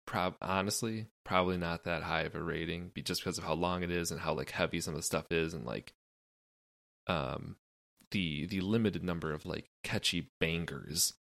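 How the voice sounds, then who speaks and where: A man's voice: sits low, moderate pace, vocal fry, fairly bright tone, no room sound. A young man co-hosting a podcast, rambling loosely and cracking crude jokes. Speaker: podcast co-host. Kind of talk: casual chat.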